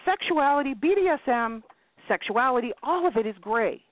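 A woman podcast host chats casually in a blunt, animated way, swearing freely and mimicking the people she quotes. Her fairly high voice swings widely in pitch at a moderate pace. The audio is tinny and phone-like, dry, with no room sound.

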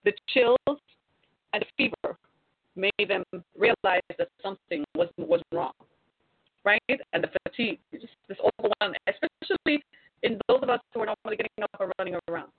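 A woman's voice: mid-range voice, animated, normal speed, breathy edge, no room sound. Impassioned woman on a tinny line. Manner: preachy, exhorting, rhetorical questions. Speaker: commentator. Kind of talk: impassioned monologue to viewers. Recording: tinny phone-like sound.

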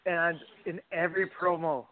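A man's voice: a little high, steady tone, normal speed. A man guesting on a wrestling radio show, joking in crude casual banter. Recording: tinny phone line with faint hiss.

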